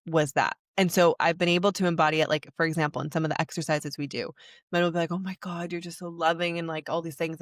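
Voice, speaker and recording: A woman's voice: deep voice, fairly bright tone, no room sound, clean studio sound. A young adult woman hosting a podcast, telling a personal story in a confessional way with many filler words. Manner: confessional, heavy use of "like" fillers. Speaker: podcast host.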